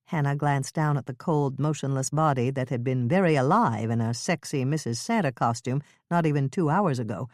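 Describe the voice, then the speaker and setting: A woman narrating a mystery audiobook in an expressive, suspenseful style. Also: very deep voice, moderate pace, few pauses, dry recording, clean studio sound. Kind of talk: scripted narration.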